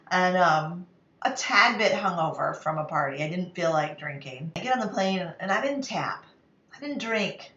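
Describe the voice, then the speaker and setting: A woman tells a candid, self-mocking story in a casual vlog, with a bright, clear tone. She sits back from the mic in a kitchen, so her voice rings around the room. Her delivery is loose and chatty, with laughs breaking in. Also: medium pitch, recorded from a distance, lo-fi sound. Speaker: vlogger. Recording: echoey room, voice somewhat off-mic.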